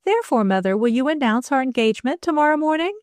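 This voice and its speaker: A woman playing a determined young daughter in a storybook: a high, slow and pleading voice, nervous but steady in resolve. The reading is close and dry, with no room sound. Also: no echo. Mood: earnest pleading.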